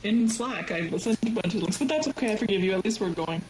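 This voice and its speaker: A woman's voice: medium pitch, fast, darkish tone, slight background noise, low-quality recording. A woman co-hosting a casual live stream chat, upbeat and teasing.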